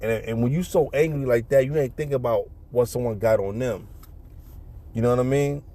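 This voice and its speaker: Mellow-voiced New man telling a story. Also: medium pitch, a little fast. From New York City. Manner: animated, acts out punches with sound effects. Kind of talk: casual storytelling.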